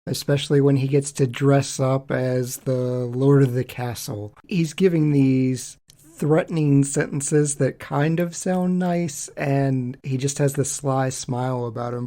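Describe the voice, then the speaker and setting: A man co-hosting a podcast, recounting things in a relaxed, chatty way. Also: medium pitch, vocal fry. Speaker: co-host. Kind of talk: casual podcast discussion.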